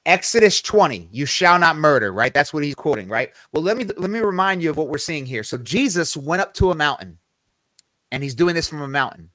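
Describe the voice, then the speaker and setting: Male podcast host, slightly higher voice, dead-dry close mic, loose conversational Bible teacher. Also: very animated, fairly quick, fairly bright tone, dry recording. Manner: conversational, self-correcting, emphatic on scripture quotes. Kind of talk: casual Bible study teaching.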